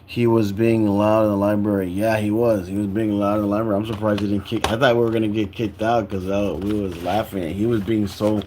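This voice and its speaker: A tired young man with a lowish voice rambles through a casual livestream chat, stacking "like" and false starts as he goes. A faint hum of room ambience sits behind him. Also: flat delivery, a little fast, few pauses, a little mellow. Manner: rambling, full of "like" and restarts.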